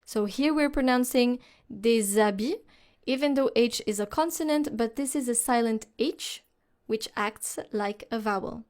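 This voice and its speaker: A woman teaching French pronunciation, explaining slowly and carefully and modelling words for the listener to repeat. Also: on the high side, darkish tone. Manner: slow and deliberate, models words for repetition. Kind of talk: slow instructional explanation.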